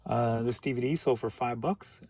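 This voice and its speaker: Laid-back reseller guy from st louis, gravelly and kinda husky, chatty asides. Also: medium pitch, a little mellow, no echo. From St. Louis, Missouri. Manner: easygoing and chatty, with quick asides. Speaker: eBay reseller. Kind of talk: casual vlog narration.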